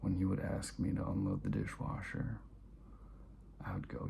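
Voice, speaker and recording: A man vlogging and telling a personal story to camera, speaking softly and often dropping to a near-whisper. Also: deep voice, very animated, moderate pace, vocal fry, a little hiss or hum.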